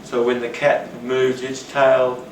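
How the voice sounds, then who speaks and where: A man giving a rambling, animated talk on rapport, now and then acting out the voices of people he quotes. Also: mid-range voice, slow pace. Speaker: teacher. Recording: roomy, distant, noisy.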